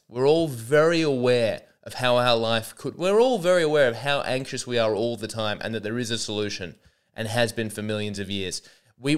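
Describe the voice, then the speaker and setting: A man's voice: medium pitch, clear, resonant tone. A young man hosting a comedy podcast alone, rambling and sarcastic, often mocking himself. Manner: sarcastic, rambling, self-deprecating. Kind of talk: solo comedic monologue.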